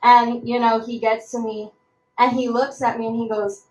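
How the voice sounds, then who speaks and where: Animated young woman telling a story. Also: a little high, normal speed. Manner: animated, acts out quoted voices. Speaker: roundtable speaker. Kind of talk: personal storytelling. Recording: echoey room.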